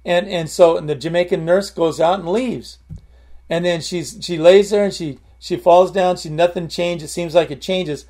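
A man's voice: high voice, steady tone, moderate pace, darkish tone. A man preaching informally, telling a story in a rambling way and often repeating his words.

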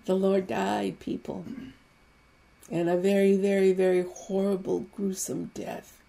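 A woman preaching an Easter sermon with fervent, emphatic repetition that builds to loud exclamations. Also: mid-range voice, little pitch movement, measured pace, vocal fry.

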